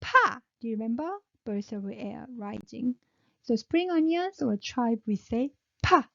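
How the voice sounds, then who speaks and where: A woman's voice: a little high, lively intonation, normal speed, vocal fry, darkish tone. A woman with a Korean accent teaching Korean pronunciation, modelling syllables and praising the learner. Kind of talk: pronunciation lesson. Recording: dull lo-fi sound.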